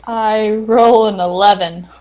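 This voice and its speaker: Woman tabletop player, tentative, asks questions, middle pitch. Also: fairly even intonation, slow, highs cut off. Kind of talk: playing a tabletop game.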